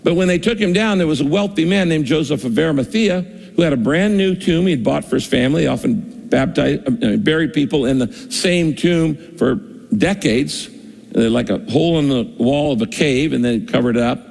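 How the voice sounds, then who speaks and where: Male pastor, conversational sermon, slightly high gravelly voice, echoing hall. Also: normal speed, darkish tone. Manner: conversational preaching, acts out quoted voices.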